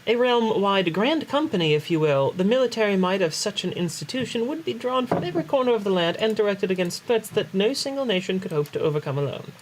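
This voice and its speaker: A man's voice: high voice, sing-song, fast talker, few pauses, slight background noise, rough recording. Earnest formal young statesman, read aloud by a man, mock-solemn, game dialogue.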